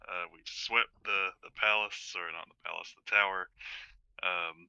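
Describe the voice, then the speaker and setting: Deep-voiced player, dull lo-fi mic. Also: male voice, steady tone, normal speed, vocal fry, pushed and bright, clear, resonant tone, no room sound. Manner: wry, earnest in-character speeches. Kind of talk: casual tabletop play, in-character speeches.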